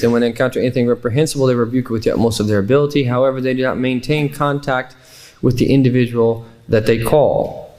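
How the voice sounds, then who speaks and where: A man's voice: medium pitch, a little mellow. A man from Kansas City, Missouri, teaching an Islamic class in a loose, conversational way, telling anecdotes with fillers and restarts.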